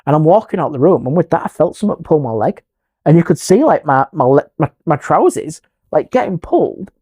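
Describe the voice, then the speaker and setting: A middle-aged man, a guest historian telling a ghost story in an animated, emphatic way. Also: a little high, fairly quick, breathy edge. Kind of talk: storytelling in a podcast interview.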